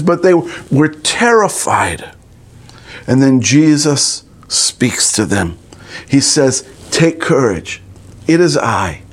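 A man preaching a sermon in an earnest way, retelling a scripture story and acting out the quoted lines. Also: on the high side. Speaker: pastor.

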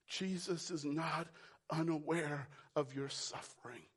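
A man preaching a sermon, repeating phrases for emphasis and swinging from shouts down to a hushed whisper. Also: sits high, unhurried. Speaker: pastor.

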